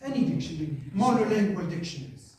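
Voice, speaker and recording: A man's voice: sits high, very animated, darkish tone, slight background noise. Male teacher, echoey distant room. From Algeria. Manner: halting, many fillers, checks in with "right?". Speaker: English teacher. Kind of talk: classroom lesson. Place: classroom. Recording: echoey classroom from far off.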